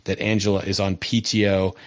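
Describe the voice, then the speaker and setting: Guy on a podcast going over an episode, lowish voice, animated and laughing a lot. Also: a little fast. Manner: lively retelling, often laughing. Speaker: podcast co-host. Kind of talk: casual TV episode recap.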